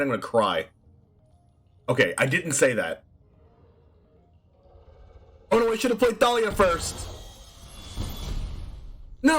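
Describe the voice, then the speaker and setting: A young man streaming a card game, excitable, yelping, laughing and shouting at his plays. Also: medium pitch. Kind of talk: live gameplay commentary. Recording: faint music behind.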